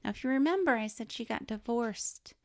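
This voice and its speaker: A woman's voice: fairly high pitch, animated, fairly quick, a little mellow, dry recording, clean studio sound. A woman co-hosting a film podcast, reading through a celebrity's life story in casual chat and laughing often. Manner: reads notes on a celebrity's life, chatty and laughing. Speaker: podcast co-host.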